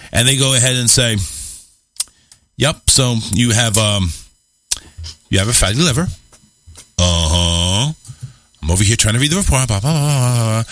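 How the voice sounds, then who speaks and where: A man hosting a talk show, telling a long, animated, swear-heavy story that pokes fun at his own panic. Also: medium pitch, no echo. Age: adult, married. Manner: animated, swears freely, self-mocking about his health scare. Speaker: radio show host. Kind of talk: casual storytelling chat.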